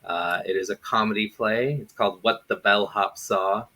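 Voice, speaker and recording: A man's voice: lowish voice, steady tone, normal speed, sharp tone, rough recording. A man hosting an interview, casually explaining his stage acting work in a thoughtful, step-by-step way. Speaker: interview host and stage actor.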